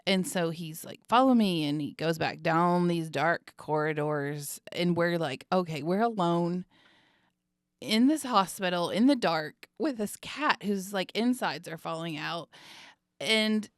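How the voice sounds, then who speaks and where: Low-voiced woman guest, lively anecdote teller, dry studio mic. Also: unhurried, no echo. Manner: animated, laughing through a funny story. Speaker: missionary guest. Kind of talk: storytelling in an interview.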